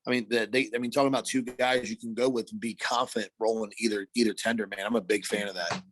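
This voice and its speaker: A man's voice: fairly low pitch, fairly even intonation, quick pace, fairly bright tone. A man co-hosting a casual sports podcast, laid-back, calling everyone bro and man. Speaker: podcast co-host.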